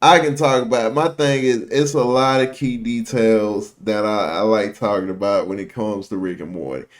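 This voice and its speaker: A man's voice: on the low side, normal speed. A man hosting a reaction video, recapping an episode in casual, profane slang and acting out the characters' lines.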